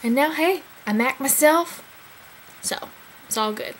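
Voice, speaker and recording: Lively young woman telling a story. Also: measured pace, slight background noise, poor audio. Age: 20s. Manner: animated, big pitch swings, chatty. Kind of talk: casual personal storytelling.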